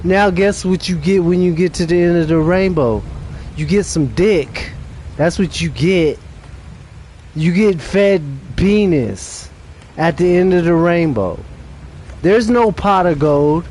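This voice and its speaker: A man's voice: sits high, lively intonation, slow, darkish tone, slight background noise. A young adult man streaming a game late at night, chatting casually in a rambling, profane way with restarts.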